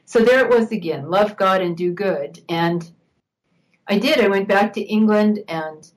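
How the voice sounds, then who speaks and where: Older woman guest, reflective storyteller, mid-pitched voice. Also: measured pace, low-quality recording. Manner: warm reminiscing with laughs. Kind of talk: interview storytelling.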